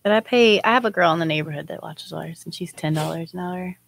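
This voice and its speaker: A woman's voice: fairly low pitch, fast, gravelly, a little hiss or hum. A woman, a mother of three, guesting on a radio show in a studio, playful and laughing. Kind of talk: casual chat on radio.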